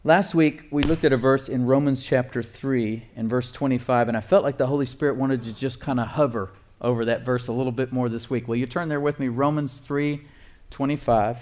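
A male pastor preaching a sermon, emphatic, repeating phrases and reading scripture slowly. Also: mid-range voice, fairly even intonation, darkish tone.

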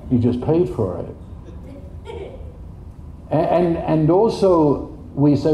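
A man preaching a sermon in an animated way, jumping up in pitch for quoted voices. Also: takes it slowly, long pauses, slight background noise. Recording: dull, echoey room.

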